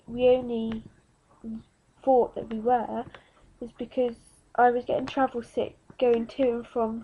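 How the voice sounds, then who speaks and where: A woman's voice: a little high, dull audio, slight background noise. A nineteen-year-old woman telling her own story frankly to camera in a vlog. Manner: frank, plain-spoken, slow and unhurried. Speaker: vlogger. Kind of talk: candid personal story to camera.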